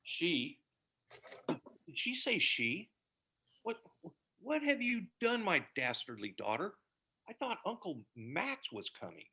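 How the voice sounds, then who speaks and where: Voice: medium pitch, very animated, takes it slowly, long pauses, bright, forceful tone, slightly rough, full character voice. An actor playing a flustered, stammering father in an amateur radio play, melodramatic in manner. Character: blustering, fussy middle-aged father.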